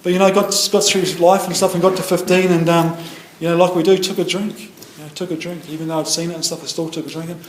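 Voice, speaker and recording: A middle-aged man with a New Zealand accent shares his personal story at a recovery meeting. He talks quickly in a slightly high voice, rambling along with many fillers and restarts. The room is echoey, with a faint hum of noise behind him. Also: flat delivery. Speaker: AA meeting speaker.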